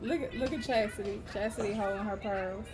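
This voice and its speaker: A woman's voice: medium pitch, brisk. A woman co-hosting a podcast, teasing the others with playful ribbing. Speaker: podcast co-host. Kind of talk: casual chat. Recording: noisy line with clicks.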